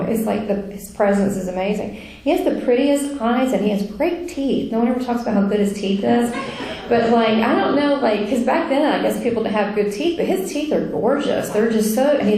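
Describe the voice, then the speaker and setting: A woman telling her near-death story in a chatty, animated way, full of fillers. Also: medium pitch. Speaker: speaker sharing a near-death experience. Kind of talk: casual spoken testimony. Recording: very echoey room.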